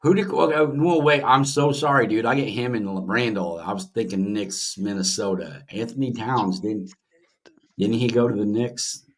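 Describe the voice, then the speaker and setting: Podcast co-host, man, lower voice, easygoing teasing banter. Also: normal speed. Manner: teasing, laid-back banter. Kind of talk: casual sports chat.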